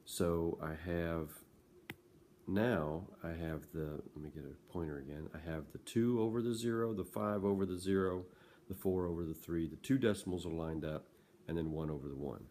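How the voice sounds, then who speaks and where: A man's voice: low voice, dark tone, slight background noise. A male math teacher talking students through a lesson in a casual, conversational way, often checking in with "okay?".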